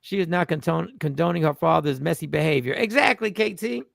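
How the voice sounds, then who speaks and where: A man's voice: on the high side, fairly quick, creaky, a bit bright, no echo, studio quality. A man hosting a casual chat, playful and joking with his co-host. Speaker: podcast host.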